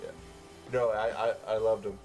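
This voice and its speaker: A man co-hosting a casual movie review podcast, relaxed and full of fillers, swearing freely. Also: on the low side, normal speed, faint music behind. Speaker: podcast co-host.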